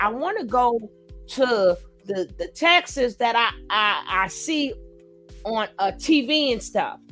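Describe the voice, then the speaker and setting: A woman from New York hosting a casual live-stream chat, animated and quick with loud outbursts. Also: a little high. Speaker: channel host.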